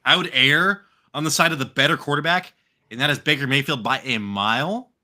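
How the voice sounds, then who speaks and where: A man's voice: mid-range voice, a little fast. An American man co-hosting a live fantasy football show, rambling and swearing casually while drinking. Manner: profane, rambling, animated. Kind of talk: casual live podcast chat.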